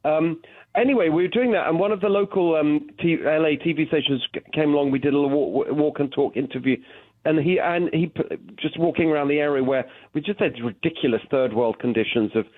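A man with a British accent, a political candidate calling in to a radio show, animated and full of restarts. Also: on the high side, fast, no echo. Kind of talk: phone-in radio interview. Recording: tinny phone line.

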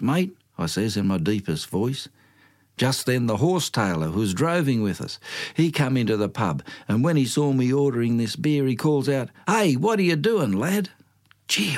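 An older man with an Australian accent telling a folksy bush yarn, with slang and dramatic asides. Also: mid-range voice. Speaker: storyteller.

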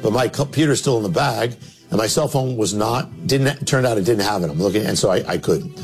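A man who is a minister tells a story in a sermon, dramatic, with sudden drops to low, emphatic tones. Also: brisk, darkish tone. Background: music.

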